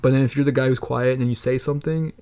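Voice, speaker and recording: A young man chats loosely on a podcast, spinning rambling anecdotes full of laughs and curse words. His voice sits in an ordinary middle range with a gravelly, creaky edge. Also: medium pitch, steady tone, rapid-fire, darkish tone. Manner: rambling storytelling, laughs often, swears a lot. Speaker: podcast co-host. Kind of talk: casual chat.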